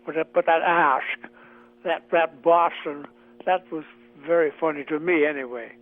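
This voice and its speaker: An older man, a veteran comic actor, reminiscing in a chatty, halting way in a radio interview. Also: on the high side, fairly even intonation. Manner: chatty, halting with many fillers. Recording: tinny phone line.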